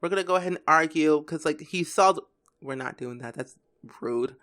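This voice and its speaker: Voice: medium pitch, a little fast, fairly bright tone. A gameplay commentator talking casually and rambling on, with lots of filler words and restarts.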